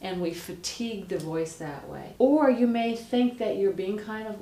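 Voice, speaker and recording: A woman, a vocal coach, explaining how to speak healthily in a lively, direct teaching manner. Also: medium pitch, unhurried, few pauses. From United States. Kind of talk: instructional explanation with voice demonstrations. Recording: roomy, distant mic, faint noise.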